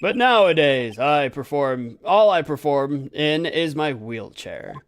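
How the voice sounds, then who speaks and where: A man voicing a male former circus acrobat who now uses a wheelchair, speaking slowly and deliberately, as a video game voice-over reading. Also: on the high side, very animated, heavily acted. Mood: calm.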